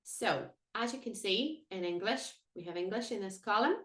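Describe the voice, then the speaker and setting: A woman teaching a language lesson, modelling each word slowly and carefully. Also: mid-range voice, fairly bright tone. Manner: careful, lilting, drawn-out modelling of words. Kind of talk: slow instructional lesson with repetition. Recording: echoey room.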